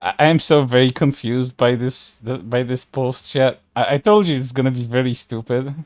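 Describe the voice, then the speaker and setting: A man's voice: mid-range voice, moderate pace, no echo, studio quality. A man streaming casual commentary, reading posts aloud in a sarcastic way, laughing and swearing often.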